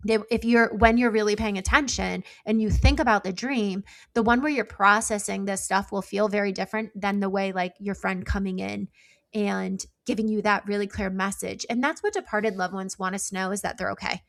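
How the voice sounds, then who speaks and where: A woman's voice: mid-range voice, fairly even intonation, fairly quick, creaky. Earnest middle-aged woman explaining. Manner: explanatory, earnest, uses many likes. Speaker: psychic guest. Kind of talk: interview conversation.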